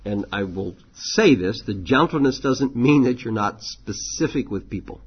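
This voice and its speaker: Man, pastor, classroom teaching, conversational, frequent ums, slightly husky, muffled recording. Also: medium pitch, animated, moderate pace.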